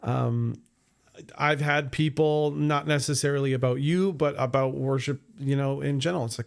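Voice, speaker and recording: A man's voice: mid-range voice, steady tone, moderate pace, creaky. A man hosting a podcast interview, asking questions in a joking, teasing way. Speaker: podcast host.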